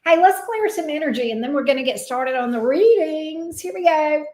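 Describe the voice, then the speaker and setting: A woman's voice: sits high, animated, moderate pace, mellow. A woman with a Southern US accent, a tarot reader hosting a casual livestream who chats along and greets her viewers by name. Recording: roomy echo.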